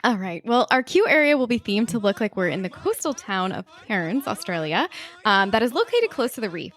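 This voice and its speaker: A woman's voice: medium pitch, big pitch swings, a bit bright. A woman co-hosting a podcast, presenting her ride idea in a giggly, bubbly, casual way. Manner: giggly, bubbly, quick to apologize. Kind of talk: casual chat.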